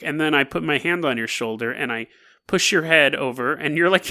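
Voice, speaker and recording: A man hosting a podcast, telling a strange tale in a casual, animated way and laughing between lines. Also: fairly high pitch, brisk. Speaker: podcast host. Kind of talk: casual storytelling.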